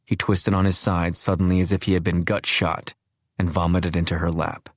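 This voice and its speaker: Deep-voiced male audiobook narrator. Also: flat delivery, moderate pace, no room sound. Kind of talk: scripted narration.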